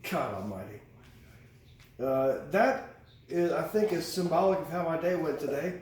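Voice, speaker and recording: A man's voice: a little high, normal speed, darkish tone. Rambling man in a very echoey room. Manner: rambling and candid, swears freely. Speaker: tarot reader. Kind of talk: casual tarot reading vlog. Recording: very echoey room, distant mic, faint hiss.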